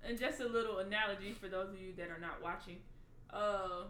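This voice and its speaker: Woman host asking gentle faith questions, echoey room, slight background hiss. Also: medium pitch, steady tone, brisk. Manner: affirming, encouraging interviewer. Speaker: podcast host. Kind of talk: casual faith conversation. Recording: echoey room, faint noise.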